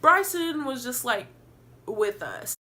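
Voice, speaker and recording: A young woman tells a storytime vlog in a bright, clear voice that sits a little high. She is animated and profane, and she acts out what other people said. A faint hiss of noise sits behind her. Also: slow. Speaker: vlogger.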